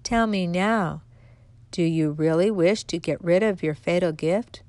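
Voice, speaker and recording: Calm mysterious stranger, read by a woman, low and measured, dry close mic. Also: no echo, close to an everyday voice. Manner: measured, questioning delivery.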